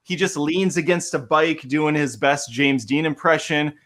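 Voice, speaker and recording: A man from Minnesota co-hosting a relaxed movie review chat, with a slightly higher voice than most men. He teases and makes sarcastic jabs in a dry, offhand way. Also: a little slow. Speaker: co-host.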